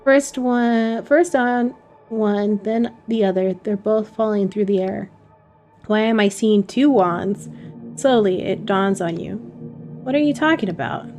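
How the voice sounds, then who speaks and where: A woman's voice: medium pitch, takes it slowly, faint music behind. A woman hosting a let's play, reading a narrative game aloud and reacting with casual asides. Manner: lively, laughs and reacts to the text.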